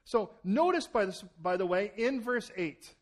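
Preaching with animation, this pastor dramatizes quoted conversations and repeats words whenever he begins a new thought. He has a high voice and an unhurried delivery.

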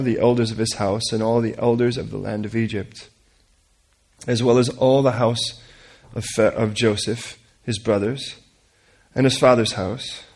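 A man reads scripture to a group in a plain, earnest voice, his pitch in the middle of the range. He moves through the passage at an unhurried pace and sometimes stumbles and corrects himself. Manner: earnest reading with stumbles and corrections, coaxes listeners to repeat names. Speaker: Bible teacher. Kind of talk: reading scripture aloud and leading prayer.

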